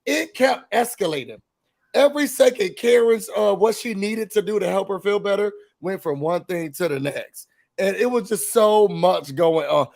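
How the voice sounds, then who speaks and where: Lively man chatting through a recap. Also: sits high, normal speed, gravelly. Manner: animated, acts out quotes in a raised voice. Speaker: recap show co-host. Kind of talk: casual recap chat.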